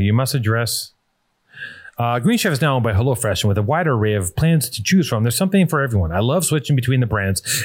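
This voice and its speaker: A man hosting a podcast, telling a rambling, profane story in casual chat and reading an ad. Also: medium pitch. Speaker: podcast host.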